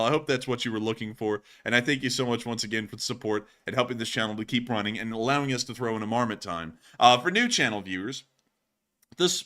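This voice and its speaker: A man hosting a casual live stream with a bright, forceful voice. He jokes and rambles in a loose, chatty way. Now and then he bursts into loud shouts and laughter. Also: mid-range voice. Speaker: show host.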